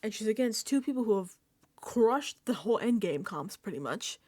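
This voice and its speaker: A woman hosting a casual reality TV recap vlog, animated and emphatic, dropping into whispered asides and swearing casually. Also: medium pitch, normal speed, dry recording, studio quality.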